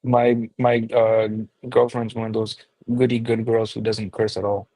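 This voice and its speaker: A man's voice: on the low side, little pitch movement, moderate pace, mellow, breathy edge, no echo, rough recording. A man co-hosting a casual chat who walks through trading chart analysis step by step.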